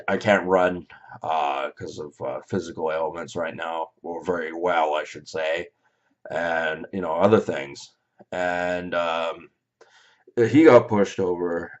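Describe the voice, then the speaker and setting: A Canadian man recounting a dream in a rambling, hesitant way, full of fillers and restarts. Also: sits low. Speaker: vlogger. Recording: slightly dull lo-fi audio.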